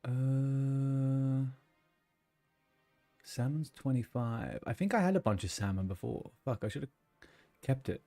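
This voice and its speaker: A man's voice: medium pitch, slow, pauses often, dark tone, faint music behind. A man streaming a game, chatting casually and rambling between tasks, swearing now and then. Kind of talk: casual gaming chat.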